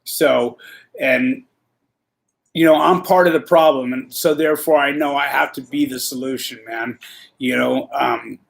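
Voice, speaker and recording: A man's voice: mid-range voice, steady tone, a little slow, creaky. A man hosting a live stream, telling rambling prison stories with profanity, street slang and lots of fillers.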